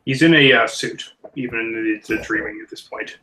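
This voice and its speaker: A man's voice: mid-range voice, fairly quick, pushed and bright, a little hiss or hum. Casual man playing a tabletop game. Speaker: player. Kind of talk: tabletop role-play.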